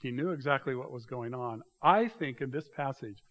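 A man preaching a sermon, walking his listeners through a passage with emphatic, animated storytelling. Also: medium pitch, normal speed. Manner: animated, emphatic storytelling with rising bursts of loudness; directs listeners to mark passages in their notes. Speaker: pastor.

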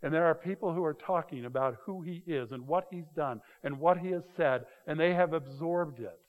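A middle-aged man preaching a sermon, telling the story with animated delivery and acted-out voices. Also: a little high, normal speed, narrow, tinny audio. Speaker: pastor. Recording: long hall reverb.

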